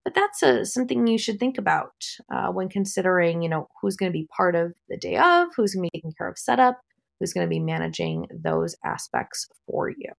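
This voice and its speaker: A woman in her thirties talks through wedding-day mishaps on her podcast. Her voice sits low with a gravelly fry, and she stays calm and practical, adding the occasional light laugh. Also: brisk. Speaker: wedding planner and podcast host. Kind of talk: solo podcast talk.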